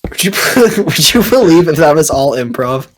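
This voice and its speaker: A man's voice: fairly high pitch, big pitch swings, normal speed, a little hiss or hum. A young man improvising a crude tall tale late at night in a rambling way, full of fillers and restarts, on a computer mic during a game recording. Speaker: friend telling a story.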